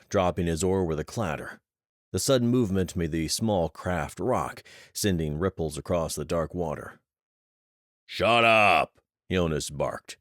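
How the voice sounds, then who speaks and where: A man narrating a thriller audiobook in steady, measured storytelling. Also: low voice, no room sound, clean studio sound.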